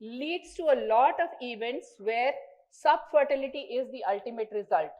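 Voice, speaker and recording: A woman's voice: a little high, animated, normal speed, mellow, lo-fi sound. A woman with an Indian accent giving an earnest, explanatory medical lecture at a conference, repeating words for emphasis.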